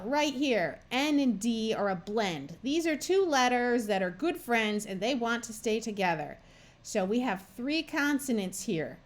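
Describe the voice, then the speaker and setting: A woman with an American accent teaching a phonics lesson as a reading tutor, patiently spelling out sounds and words one by one. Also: on the high side. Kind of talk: slow, careful phonics lesson.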